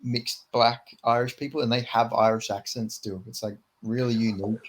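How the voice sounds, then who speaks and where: A young man with an Australian accent in a casual podcast chat, relaxed and sweary, often restarting his sentences. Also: mid-range voice, moderate pace. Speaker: podcast co-host.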